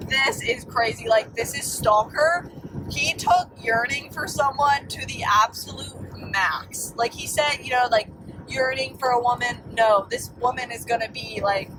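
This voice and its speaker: A young woman calling in by voice memo, telling a story in an exasperated, animated way with plenty of swearing. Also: a little high, measured pace. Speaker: caller. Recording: distant voice memo with background noise.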